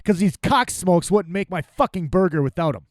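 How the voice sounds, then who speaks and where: Male podcast host, angry profane rant, high and animated voice. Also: normal speed, no room sound, clean studio sound. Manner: angry, profane, exasperated ranting. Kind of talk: profane ranting monologue.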